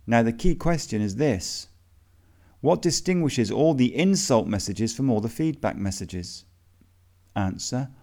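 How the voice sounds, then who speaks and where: A man reading a self-help lesson aloud in a measured, methodical question-and-answer way. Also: mid-range voice, lively intonation, warm tone.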